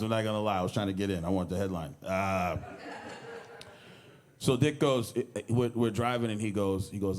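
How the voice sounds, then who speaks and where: A man with a fairly low voice gives a loose, anecdotal eulogy, the way a stand-up comedian tells a story. He rambles, restarts, and acts out other people's lines with a lifted voice. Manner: rambling storyteller who acts out quoted lines and laughs as he goes. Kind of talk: informal anecdotal speech at a memorial. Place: memorial service hall.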